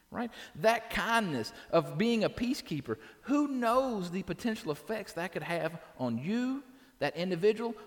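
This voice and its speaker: A man's voice: sits high, in a large hall. A man preaching a sermon in a church, talking conversationally and often checking in with "right?". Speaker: pastor. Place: church sanctuary.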